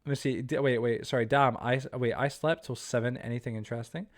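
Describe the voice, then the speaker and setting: Male game streamer, mid-pitched, loose rambling chat full of filler, teasing and joking with friends. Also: steady tone, fast. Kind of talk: casual live-stream chat while playing.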